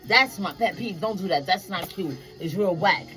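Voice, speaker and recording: Animated New woman telling stories. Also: fairly low pitch, moderate pace, faint music behind, rough recording. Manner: animated, profane, acts out quoted voices. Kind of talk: casual storytelling to viewers.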